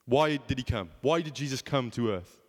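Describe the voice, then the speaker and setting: A man's voice: medium pitch, lively intonation, normal speed, in a large hall. A young man preaching a sermon in a conversational way, often asking rhetorical questions.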